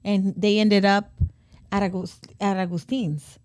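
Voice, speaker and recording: A young woman chats on a podcast in a mid-pitched voice, telling animated stories with plenty of swearing. Her voice is recorded close and dry, with no room sound. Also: measured pace, no echo. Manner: animated storytelling, acts out yelling, swears freely. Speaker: podcast co-host. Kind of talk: casual chat.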